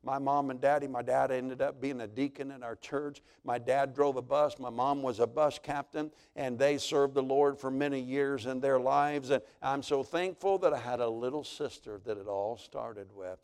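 A man's voice: medium pitch, fairly even intonation, moderate pace, hardly any pauses, a little mellow, clean tone. A male pastor, preaching a sermon as dramatic storytelling.

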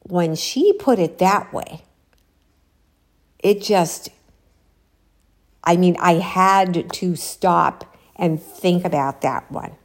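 A woman's voice: on the low side, very slow, pauses often. A woman vlogging outdoors on a walk, chatting casually as she retells a spooky story. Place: outdoors, walking.

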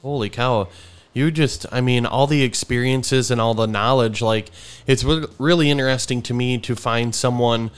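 A man's voice: mid-range voice, moderate pace, clear, resonant tone, soft background music. A man hosting a podcast, chatting casually and easygoing with a guest. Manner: easygoing, lots of fillers and laughs. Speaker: podcast host. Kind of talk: casual interview chat.

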